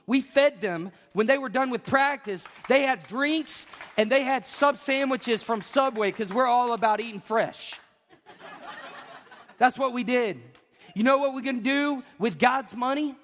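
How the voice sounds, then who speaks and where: A high-voiced man preaches a sermon, emphatic and emotional, firing off repeated questions and building to shouts. His voice rings through a church sanctuary with a long reverb tail. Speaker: pastor.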